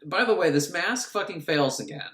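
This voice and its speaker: A man's voice: a little high, animated, brisk, fairly bright tone. Crude, sarcastic man recapping a film. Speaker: film reviewer. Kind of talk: comic movie recap. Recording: roomy echo.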